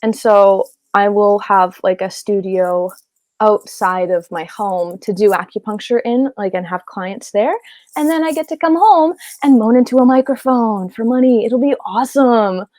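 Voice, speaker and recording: With a medium-pitched, darkish voice at a moderate pace, this guest voice actress giggles and rambles through a casual interview, wandering off on tangents. She records from a home closet booth with no room sound.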